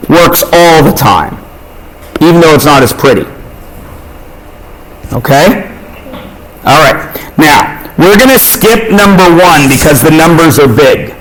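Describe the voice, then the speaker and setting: A man teaching a math lesson, with a voice pitched a little high. He talks to his students in a relaxed, informal way and often stops to check that they follow. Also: slow pace, long pauses, slight background noise, rough recording. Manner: informal, checks in with tag questions. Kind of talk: classroom lecture.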